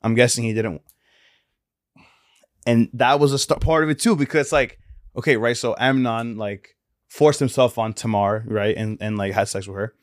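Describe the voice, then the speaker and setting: A man co-hosting a casual Bible discussion podcast, retelling stories loosely with many fillers and quick acted quotes. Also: medium pitch, no echo, clean studio sound. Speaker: podcast co-host.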